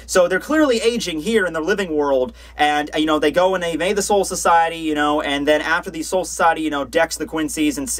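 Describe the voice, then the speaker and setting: A man's voice: fairly high pitch, a bit bright, no room sound. Rambling young man reviewing comics. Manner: rambling, many fillers and restarts. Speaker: manga reviewer. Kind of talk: casual commentary.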